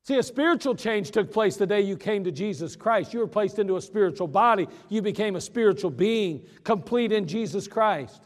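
A man preaching a sermon in a folksy, joking way, slowing down for emphasis. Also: high-pitched, long reverb tail. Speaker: pastor.

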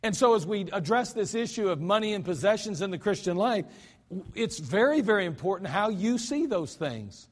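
A high-pitched American man delivers a folksy sermon, joking at his own slips and talking straight to the congregation. His voice rings with a long reverb through the sanctuary. He keeps it conversational rather than grand. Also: big pitch swings, normal speed. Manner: folksy, self-deprecating preaching with asides. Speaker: pastor. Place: church sanctuary. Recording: hall reverb.

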